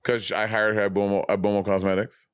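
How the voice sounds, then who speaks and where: A man in his thirties co-hosting a podcast, chatting casually with animated, quick reactions. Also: lowish voice, smooth, no room sound. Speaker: podcast co-host. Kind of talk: casual chat.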